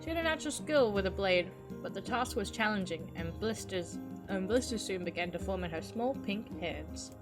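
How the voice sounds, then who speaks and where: A woman's voice: medium pitch, animated, moderate pace, few pauses. Woman streamer reading over game music. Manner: casual, swears at the game, chatty asides. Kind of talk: reading game story aloud. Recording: voice with loud game music behind.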